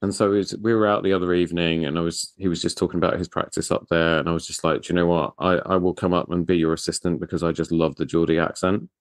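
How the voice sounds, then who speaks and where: A British man hosts a relaxed interview in a very low, deep voice. The sound is dry and close, with no room echo. He talks with enthusiasm and pokes fun at himself. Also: fast, hardly any pauses. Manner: enthusiastic, self-deprecating. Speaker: podcast host. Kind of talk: casual interview chat.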